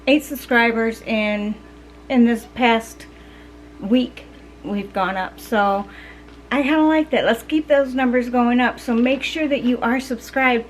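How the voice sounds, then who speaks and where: A middle-aged woman chatting casually to her viewers in a rather high voice. She rambles, restarts her sentences and leans on fillers as she goes. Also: poor audio. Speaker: vlogger. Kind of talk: casual chat to camera.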